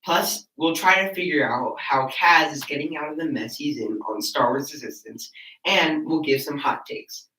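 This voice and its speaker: A man's voice: a little high, normal speed, sharp tone. A teenage boy reads a scripted podcast intro, nervous about his voice cracking. He sits some distance from the mic in an echoey room. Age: teens. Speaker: podcast co-host reading the intro. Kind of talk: reading a scripted show intro.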